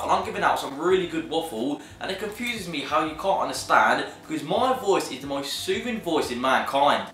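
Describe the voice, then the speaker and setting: A man's voice: on the high side, sharp tone, far from the mic. A man hosting a casual commentary vlog, chatting jokily and reading out viewer comments. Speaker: YouTube commentary host. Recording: echoey room, voice a bit off-mic.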